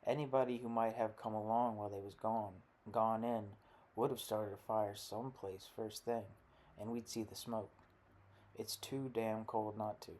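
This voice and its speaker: Gruff farm father with a low, flat, dark voice, read by a man; audiobook scene. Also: normal speed, slight background noise, close to an everyday voice. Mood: grudging. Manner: gruff, blunt folksy talk. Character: rough, bitter rural father with a shotgun.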